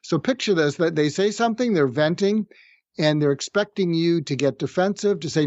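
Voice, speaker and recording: In a conversational podcast interview, a middle-aged psychiatrist guest calmly and methodically explains techniques, acting out sample phrases slowly. His voice is a little high, the recording dry and lo-fi, and street noise comes from outside the room.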